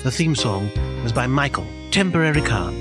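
A man's voice: mid-range voice, animated, normal speed, over music. A man hosting a comedy radio show, pompous and long-winded.

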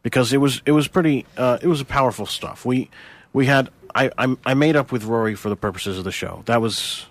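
A man's voice: medium pitch, fairly quick, dry recording. A man as a guest on a radio show, stammering and rambling through his answers. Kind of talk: hesitant comedic interview.

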